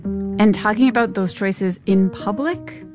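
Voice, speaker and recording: A woman host delivering scripted podcast narration in a measured voice with pointed rhetorical questions. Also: mid-range voice, over music.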